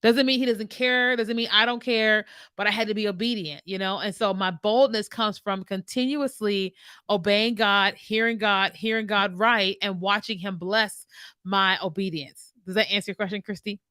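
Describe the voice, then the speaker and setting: A woman with a bright, forceful voice talks casually to her viewers about faith, acting out both sides of conversations as she tells her story. The sound is dry and close, with no room around it. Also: medium pitch, steady tone, normal speed, clear, resonant tone, dry recording. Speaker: host answering viewer comments. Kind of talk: casual faith talk, live stream.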